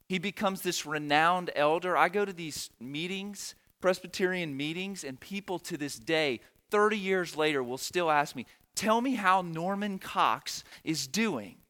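A man's voice: a little high, sharp tone. A middle-aged man, a pastor telling a story in a sermon in an earnest, emotional way, repeating phrases for emphasis.

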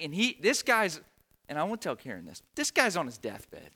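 A man's voice: mid-range voice, sing-song, moderate pace, bright, forceful tone. A middle-aged man, a pastor telling a story in a sermon in an earnest, emotional way, repeating phrases for emphasis.

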